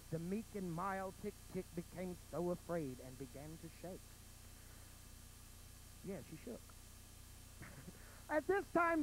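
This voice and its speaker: Casting: male drag queen, very high voice, campy storybook narration, faint stage noise. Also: poor audio. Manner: mock-sweet fairy-tale narration with campy emphasis. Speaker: drag performer. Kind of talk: bawdy comic storytelling on stage. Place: pageant stage.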